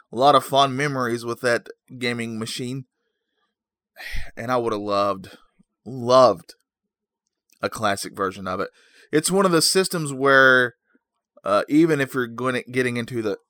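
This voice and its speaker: A man's voice: mid-range voice, bright, forceful tone, dry recording, clean studio sound. A man hosting a podcast in a casual, rambling chat, goofy and self-mocking, just awake. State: just woken up. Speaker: podcast host.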